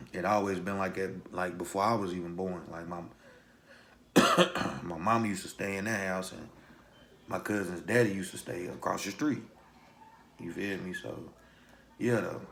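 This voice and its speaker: Young Louisville man, slightly low voice, casual street storyteller for a vlog. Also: measured pace, creaky, long pauses, slight background noise. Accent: Louisville, Kentucky. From Louisville, Kentucky. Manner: street slang, animated retelling with acted quotes. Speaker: vlogger.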